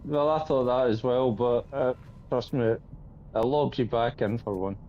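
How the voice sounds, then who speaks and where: Man, co-player, dry teasing banter, mid pitch, muffled audio. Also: steady tone, a little slow, mellow, slight background noise. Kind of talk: casual gaming chat.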